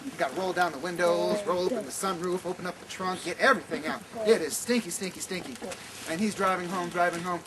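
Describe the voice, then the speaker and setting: A man telling a comic story at a campfire, animated with many stammering restarts. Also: sits high, quick pace, a loud crowd. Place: outdoor campfire at night. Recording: noisy outdoor camp recording.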